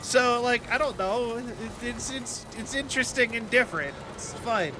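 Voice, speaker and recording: A man's voice: extremely high pitch, moderate pace, background noise. A young man from the United States chatting casually while streaming a game, rambling with lots of fillers and self-deprecating asides.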